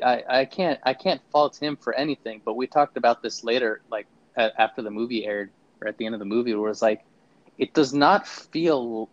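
A man chats through a movie review on a podcast, sarcastic and quick to act out mocking lines. His voice sounds dry and close, with a slightly dull, muffled recording. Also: medium pitch, dry recording. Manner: sarcastic, acts out mocking quotes. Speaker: podcast co-host. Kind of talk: casual movie review chat.

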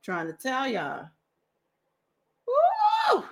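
A woman hosts a podcast and tears into a book with sarcastic, mocking commentary, laughing as she goes. Her voice sits high and bright, and it swoops up and down with lively energy. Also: moderate pace. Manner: mocking, animated, laughs at her own jokes. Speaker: podcast host.

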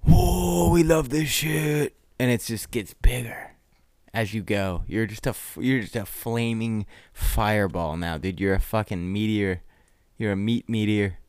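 A young man with a fairly low, clean voice co-hosts a podcast. He trades deadpan, crude dark jokes and peppers his lines with "dude." The close mic sounds dry. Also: measured pace, clean tone, dry recording. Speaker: podcast co-host. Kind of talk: casual crude banter.

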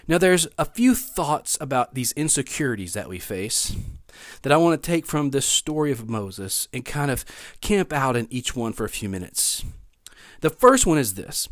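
A man's voice: mid-range voice, animated, moderate pace, no room sound, clean studio sound. A man preaching a sermon, reading scripture aloud with expression and talking to his listeners in an easy, conversational way. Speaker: pastor.

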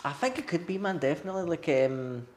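Chatty guy, quick and keen, agrees with everything. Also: on the high side, lively intonation. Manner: enthusiastic, lots of "man" and "definitely". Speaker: filmmaker guest. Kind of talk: casual chat.

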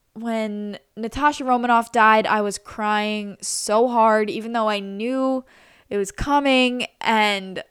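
A woman's voice: on the high side, a bit bright, clean tone, dry recording, studio quality. Chatty young woman, gushing. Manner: chatty and gushing, lots of "like" and "literally". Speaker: vlogger. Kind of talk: casual chat.

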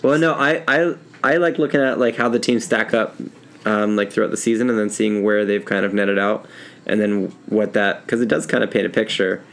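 A man's voice: on the low side, moderate pace, creaky, a bit bright. A man chatting casually about hockey, rambling with many ums while looking up team stats.

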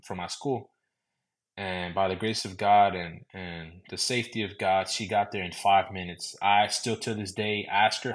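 A young man from San Antonio, Texas, casually telling a personal story with loose, repetitive phrasing. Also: fairly low pitch. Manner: loose, conversational, repeating "I remember". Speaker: podcast host.

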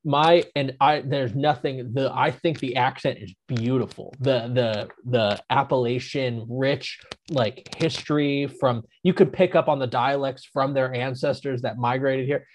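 A man's voice: medium pitch, measured pace. Ohio guy on a podcast, rambles off on tangents, bit of hiss behind him. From northern Ohio, United States. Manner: rambling storyteller, many restarts. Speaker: podcast co-host, former reporter. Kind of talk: casual chat.

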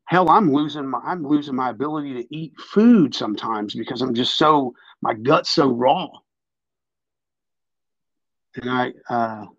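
Gravelly, ranting man. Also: medium pitch, dry recording, muffled recording. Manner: emphatic, profane, ranting. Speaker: podcast host. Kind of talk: casual political chat.

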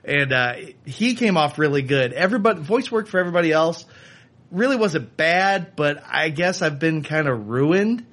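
A man with a somewhat raised voice, chatting casually as a podcast co-host. He talks in quick bursts with frequent fillers while reviewing a game. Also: on the high side, animated, a bit bright. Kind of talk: casual chat.

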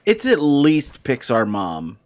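A man's voice: medium pitch, wildly swooping pitch, slow pace, no room sound. A man co-hosting a comedy podcast, joking around in casual, profane banter. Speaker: podcast co-host.

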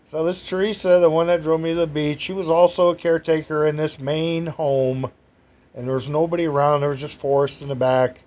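Rambling storyteller man, slightly high voice. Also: fairly even intonation, brisk, darkish tone. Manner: chatty, meandering, with exclamations and chuckles. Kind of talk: rambling personal anecdote told to an audience.

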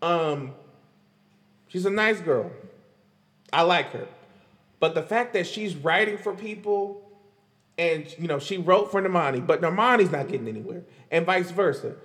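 A man hosting a podcast, chatting in a loose, animated way about pop music, with lots of fillers and frequent laughs. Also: high voice, moderate pace, pauses often, in a large hall. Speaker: podcast host. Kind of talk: casual pop-culture commentary.

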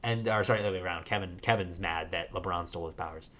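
A man co-hosting a podcast in casual chat, telling a story in a rambling, animated way full of fillers. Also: low-pitched, very fast. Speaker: podcast co-host.

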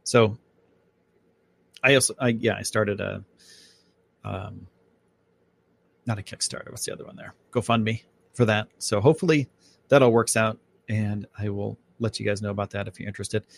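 A man's voice: on the low side, fairly even intonation, moderate pace, vocal fry, pauses often. A man hosting a casual live podcast, talking in a loose, rambling, chatty way full of fillers, from home. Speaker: podcast host.

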